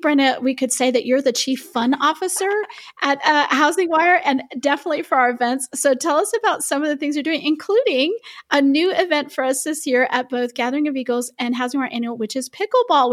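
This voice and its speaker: A woman hosting a podcast in a friendly, conversational way. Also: sits high. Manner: friendly, conversational, light fillers. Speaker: podcast host, editor.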